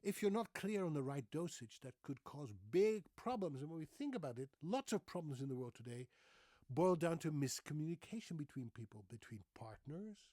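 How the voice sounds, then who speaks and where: A man from the Netherlands, explaining English in a lively, playful video lesson. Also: fairly high pitch, normal speed, no echo. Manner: animated, playful, mocks accents for fun. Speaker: English language teacher on video.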